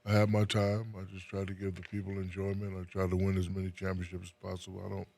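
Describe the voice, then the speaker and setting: A retired basketball player from New Jersey chats casually as an interview guest, his low, gravelly voice fast and monotone. He is soft-spoken and restarts sentences by repeating words.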